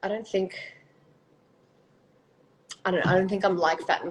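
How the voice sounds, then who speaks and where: A woman's voice: fairly low pitch, fairly quick, pauses often, slight background noise, rough recording. A young woman in casual chat on a phone livestream, chatty and swearing casually, often restarting her sentences. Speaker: actor in a live chat.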